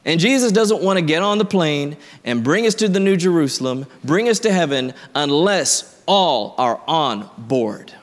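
A man preaching a sermon, telling a story in a lively, conversational way that builds to emphatic points. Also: sits high, moderate pace, few pauses, long reverb tail. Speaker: pastor.

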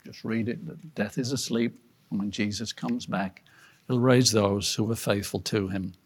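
A man's voice: on the low side, fairly even intonation, moderate pace, slightly rough. Earnest man teaching a Bible lesson. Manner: earnest, asks rhetorical questions, loudness rises and falls. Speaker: pastor teaching a Bible study class.

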